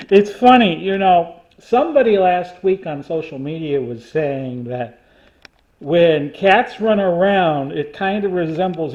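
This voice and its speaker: Older male vlogger, folksy and halting, a bit high-pitched, dull recording. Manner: rambling and folksy, addresses viewers as folks; halting, with frequent restarts. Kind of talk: casual chat to camera.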